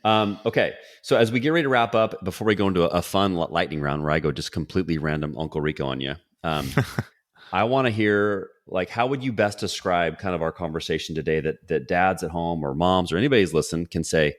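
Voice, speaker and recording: A man's voice: sits low, a little fast. A middle-aged man hosting a podcast, casual and enthusiastic, dropping words like dude and bro. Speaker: podcast host. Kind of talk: casual interview chat.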